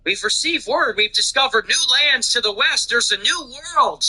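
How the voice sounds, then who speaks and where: A man voicing an excited sixteenth-century villager who announces a discovery in a theatrical, proclaiming way. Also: extremely high pitch, normal speed, breathy edge, voice pushed up, full character voice, low-quality recording.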